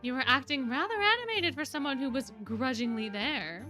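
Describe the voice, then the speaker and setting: A mischievous ancient fae with quaint, old-fashioned phrasing, sly and teasing, as a woman reads him aloud from a game. The voice sits high and bright, with a giggle never far away. Soft game music plays underneath. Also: animated, normal speed. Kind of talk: reading game dialogue aloud.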